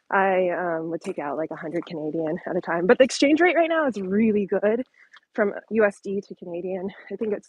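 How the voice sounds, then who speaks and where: A woman's voice: mid-range voice, husky, no room sound, dull audio. A woman hosting a casual live-stream Q&A on her phone while walking her dog along an outdoor trail, a little out of breath, chatty with lots of ums and likes. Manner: chatty, many ums and likes, laughing lightly. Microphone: handheld phone at arm's length.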